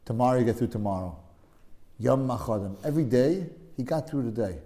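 A medium-pitched man moves briskly as he guides a casual faith study session. He tells his stories with lively emphasis, often saying the same thing twice for stress.

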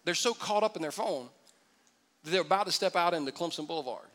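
A man preaching in a church auditorium, his voice pitched high and ringing bright. He talks to the congregation in a loose, joking way and calls out for their replies. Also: fast. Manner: conversational, humorous, animated preaching with crowd call-and-response. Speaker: pastor. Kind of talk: sermon.

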